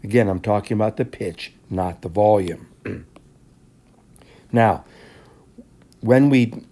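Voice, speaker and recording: A man teaching a class, explaining the material in a measured, step-by-step way and often clearing his throat. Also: lowish voice, warm tone. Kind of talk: classroom lecture explaining handouts.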